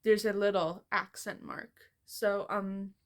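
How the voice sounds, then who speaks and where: A woman's voice: medium pitch, fairly even intonation, slow. Rambling young woman chatting about books. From United States. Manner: rambling, self-mocking, says "like" often. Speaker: book vlogger. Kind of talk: casual book haul chat.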